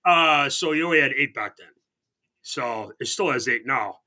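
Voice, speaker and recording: A man with a bright, forceful, expressive mid-range voice at moderate pace co-hosts sports radio from a remote call-in line. He rambles casually and sarcastically, restarting his sentences often.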